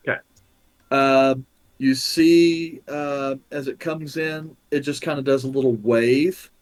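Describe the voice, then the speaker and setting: A man narrating as game master in a tabletop role-playing game, unhurried and filling pauses with ums and uhs. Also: mid-range voice, steady tone.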